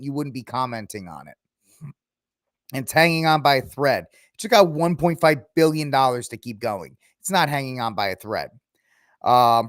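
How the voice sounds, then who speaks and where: A man hosts his own podcast and rants through a solo commentary, with sarcastic asides that mock the people he argues with. He speaks at a middle pitch for a man. His voice is recorded dry and close, with no room sound around it. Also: no room sound. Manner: ranting, sarcastic, mocking asides. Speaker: podcast host.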